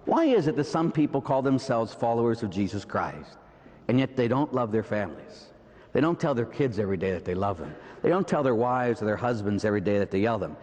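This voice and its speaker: A middle-aged priest with a Pittsburgh accent preaches a sermon, his voice rising and falling in a lively, expressive line. He keeps checking in with the congregation through rhetorical questions and quick asides. The church around him carries a long, ringing reverb. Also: mid-range voice. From Pittsburgh, USA. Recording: long reverb in a large hall.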